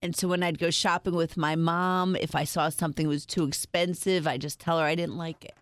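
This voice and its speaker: A woman's voice: low voice, fairly even intonation, a little fast, no room sound. Woman, middle-aged, interview guest, frank, upbeat storyteller, dry close sound. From Springfield, United States. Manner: frank, upbeat, uses humor.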